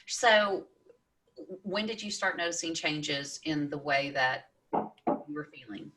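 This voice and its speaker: An enthusiastic woman hosting a relaxed interview, cheering her guest on as she talks. Her voice sits a little low yet comes across bright and forward. She keeps the chat lively and warm in tone. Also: takes it slowly, long pauses. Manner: enthusiastic, chatty, encouraging. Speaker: podcast host.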